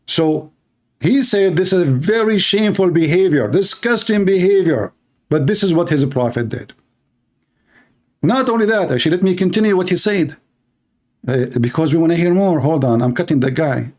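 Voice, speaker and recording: Scornful man, fairly high voice. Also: lively intonation, normal speed, darkish tone. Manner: blunt, scornful, uses insults. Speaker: host commenting on a video clip. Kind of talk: heated commentary.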